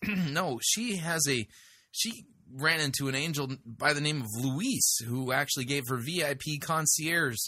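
A man's voice: mid-range voice, bright, forceful tone, slightly rough, dry recording, clean studio sound. A man hosting a show, making sarcastic, mocking commentary on played clips. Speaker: host.

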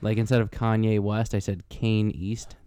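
Joking young man with a clear, dry voice. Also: fairly low pitch, little pitch movement, normal speed, warm tone, dry recording. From Connecticut. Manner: joking, rambling storyteller. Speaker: podcast co-host. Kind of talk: casual chat.

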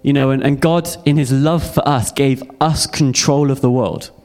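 A man's voice: medium pitch, steady tone, normal speed, darkish tone. A young man speaks in a mid-range voice, delivering a heartfelt testimony sermon. His telling is earnest and personal, and he circles back to key phrases to drive them home. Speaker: youth speaker.

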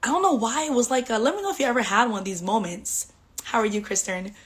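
A woman's voice: on the high side, fast. Woman podcast host, candid and emotional, talks in a chatty flow full of fillers. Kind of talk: personal storytelling monologue.

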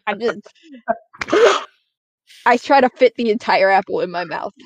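A woman's voice: mid-range voice, lively intonation, measured pace, no room sound. A young woman playing a tabletop game with friends, rambling and giggling, swearing casually. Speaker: player. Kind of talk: tabletop role-play, in character and out.

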